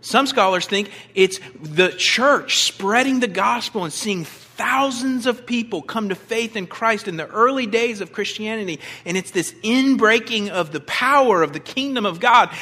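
A man's voice: high-pitched, bright, forceful tone. A man preaching a conversational sermon, emphatic and direct, with rhetorical questions to the congregation. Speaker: pastor.

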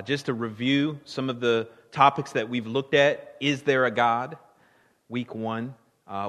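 A man in his late thirties preaches with earnest conviction. He keeps returning to the same question and repeats key phrases for weight. His voice sits a little high and rings out with the long reverb of a large hall. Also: fairly bright tone. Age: late 30s. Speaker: pastor. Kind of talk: sermon. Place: church sanctuary.

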